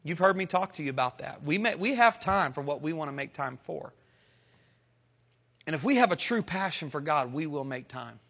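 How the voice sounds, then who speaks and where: A man pastor preaching a sermon, rising into emphatic, dramatic lines and pausing between phrases. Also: a little high, expressive, creaky, a bit bright. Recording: long hall reverb.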